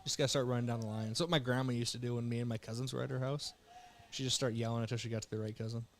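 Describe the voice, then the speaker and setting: A young man from South Dakota calling baseball play-by-play with relaxed, joking banter between pitches while fighting the hiccups. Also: very fast, slight background noise. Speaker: play-by-play announcer.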